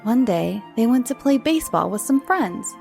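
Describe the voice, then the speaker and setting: Her voice is fairly high and creaky, a little mellow, with lively intonation. As the host of a spooky bedtime-story show for kids, she narrates dramatically and unhurriedly, at times sinking to a whisper, with faint music underneath.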